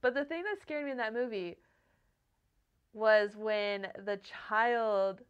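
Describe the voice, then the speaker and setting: Smooth-voiced woman podcast co-host. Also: fairly high pitch, slow, lo-fi sound. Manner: animated storytelling, swears freely, acts out quoted voices. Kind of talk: casual book discussion.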